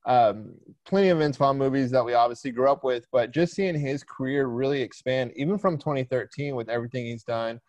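A man co-hosts a podcast in easy, steady chat. His voice sits at a middle pitch. It is recorded dry and close, with no room sound. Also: brisk, no echo. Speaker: podcast co-host.

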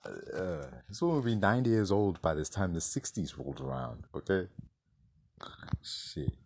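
A man's voice: low voice, sing-song, moderate pace, gravelly, darkish tone, slight background noise. A man reviewing a movie in a casual rant, exasperated, swearing and firing off rhetorical questions.

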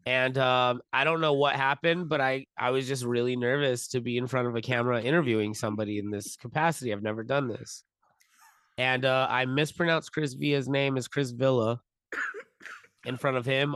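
A man hosting a podcast, telling stories in an animated, self-deprecating way. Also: mid-range voice, fairly quick, clean tone, no echo. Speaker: podcast co-host. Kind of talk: casual storytelling chat.

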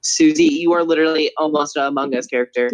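A woman's voice: deep voice, quick pace, no echo. A teenage girl chatting casually with friends on a call and teasing them with short remarks. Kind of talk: casual chat.

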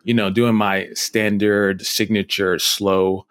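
Young male co-host, lowish voice, dry booth sound, laid-back rambling chat. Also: level tone, takes it slowly, a bit bright, clean tone, dry recording. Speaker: podcast co-host. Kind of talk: casual podcast chat.

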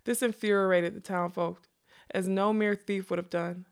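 Woman with a gravelly voice reading aloud. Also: mid-range voice, steady tone. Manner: unhurried reading with quick casual asides. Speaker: reader. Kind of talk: reading a fantasy novel aloud.

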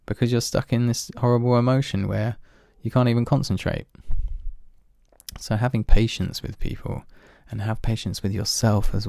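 Gravelly low-voiced man talking candidly. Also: dark tone, no echo, studio quality. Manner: candid, self-deprecating, swears often, laughs at himself. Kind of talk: casual reflective monologue.

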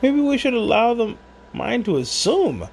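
A man's voice: extremely high pitch, sing-song, a little slow, vocal fry, a little mellow, a little hiss or hum. A man at home rambling through a casual monologue with many restarts and asides while he drinks.

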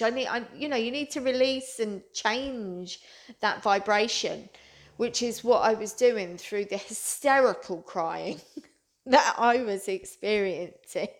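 A woman's voice: fairly high pitch, animated, a little slow. A woman talking earnestly and rambling to her viewers about spiritual healing, often repeating herself. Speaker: spiritual vlogger. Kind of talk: casual spiritual talk to viewers.

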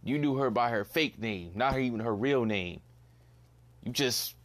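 A man's voice: mid-range voice, unhurried, fairly bright tone. A young man hosting a casual solo podcast, ranting bluntly, swearing and repeating himself in disbelief. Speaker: podcast host.

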